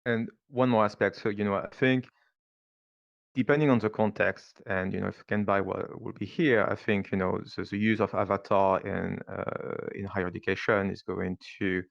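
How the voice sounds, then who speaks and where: A man with a French accent speaking on a panel, pausing often with fillers as he works through his points. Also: on the low side, little pitch movement, creaky, dry recording, dull audio. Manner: thoughtful, halting, many fillers. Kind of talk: panel discussion.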